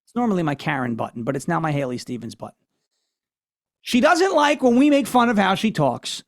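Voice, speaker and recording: Brash, high-voiced male show host. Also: big pitch swings, brisk, gravelly. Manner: mocking, brash and loose. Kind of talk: political commentary show.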